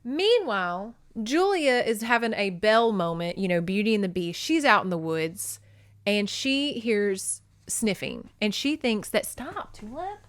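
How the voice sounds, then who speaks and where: A woman's voice: medium pitch, expressive, measured pace, dry recording. A woman hosting a podcast, recapping a romance novel in a chatty, profane way with lots of fillers. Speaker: podcast host. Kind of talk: casual book recap.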